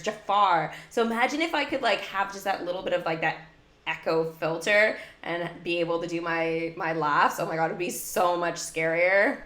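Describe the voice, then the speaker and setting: A woman's voice: lowish voice, fairly bright tone, roomy sound. A woman livestreaming a mobile game, talking casually and giggling often, with many "like" fillers. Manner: chatty, giggly, heavy use of "like". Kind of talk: casual gameplay livestream chat.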